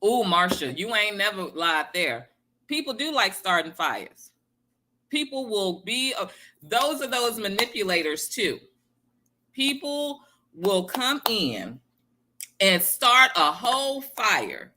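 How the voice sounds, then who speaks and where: A woman's voice: mid-range voice, big pitch swings, slow, sharp tone. A woman giving a casual motivational talk, emphatic and repeating her key phrases to viewers. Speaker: motivational speaker.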